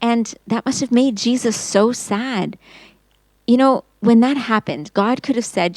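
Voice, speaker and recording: A woman teaching Sunday school, telling a Bible story to children in an expressive storytelling voice. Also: on the high side, a little slow, no room sound, low-quality recording. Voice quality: expressive storyteller, acting out quotes in raised voice.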